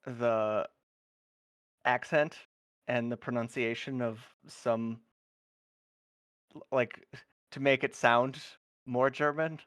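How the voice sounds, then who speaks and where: A man's voice: mid-range voice, steady tone, slow pace, long pauses, a bit bright, smooth, no echo. A man in casual voice chat, joking and laughing mid-sentence, who likes to slip into a mock German accent.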